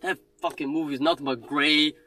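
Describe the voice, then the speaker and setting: Quick, blunt young man ranting. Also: fairly high pitch, fairly even intonation, pushed and bright. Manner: blunt, opinionated, swears a lot. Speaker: friend chatting about movies. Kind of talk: casual chat.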